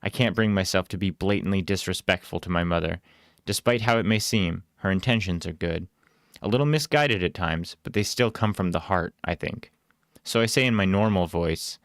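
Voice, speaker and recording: Smooth, low-voiced man reading a story. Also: normal speed, no echo, studio quality.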